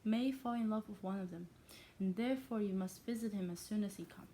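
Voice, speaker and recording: A woman who is not a native English speaker voicing an excitable, pushy middle-aged mother who gossips. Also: a little fast, close to an everyday voice. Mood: insistent. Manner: eager, insistent, pitched up.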